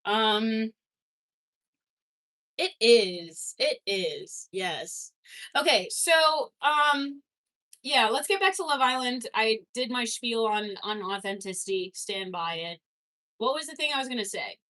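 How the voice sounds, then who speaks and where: A young woman streamer from Canada chats casually with her viewers. Her voice sits a little high, and she talks loosely, swears now and then, and laughs easily as she reacts to comments. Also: animated, slow pace, pushed and bright. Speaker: streamer reading chat. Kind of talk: casual livestream chat.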